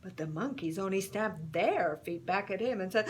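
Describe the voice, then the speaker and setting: A woman storyteller reading a picture book aloud, slow and expressive, dropping to a whisper for suspense. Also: medium pitch, a little hiss or hum.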